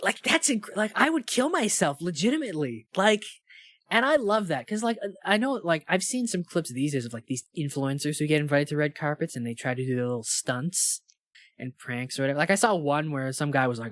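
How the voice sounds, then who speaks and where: Young male podcast co-host, animated and rambling, dry studio sound. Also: a little high, brisk, no echo. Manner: rambling, animated, lots of fillers and impressions. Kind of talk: casual chat.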